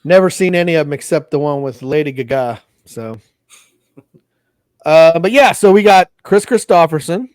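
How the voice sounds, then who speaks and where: A man's voice: on the high side, normal speed, clear, resonant tone, dry recording, studio quality. A man co-hosting a podcast, chatting casually and telling rambling stories with lots of energy. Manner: rambling, animated storyteller, recites old ad jingles. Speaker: podcast co-host. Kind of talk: casual chat.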